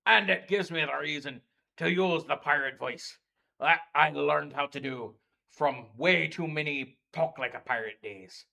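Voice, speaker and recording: A man's voice: a little high, measured pace, gravelly, bright, forceful tone. A man acting as dungeon master, chatting casually on a livestream in a game store and rambling through game lore with lots of fillers.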